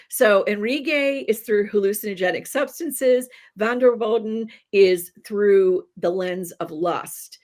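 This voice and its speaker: A woman guest on a podcast, talking animatedly about novels she loves, laughing and adding quick asides. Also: medium pitch. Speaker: guest book critic. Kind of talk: enthusiastic podcast interview.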